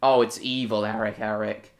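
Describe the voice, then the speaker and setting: A man's voice: fairly low pitch, little pitch movement, moderate pace. A British man hosting a casual live stream, greeting viewers by name and answering chat comments in short, broken phrases.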